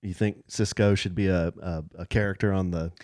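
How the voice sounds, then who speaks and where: A man co-hosting a podcast in casual chat, dry and teasing, often dropping into a low mumble, with a husky voice. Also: steady tone, normal speed, a little mellow, dry recording. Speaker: podcast co-host.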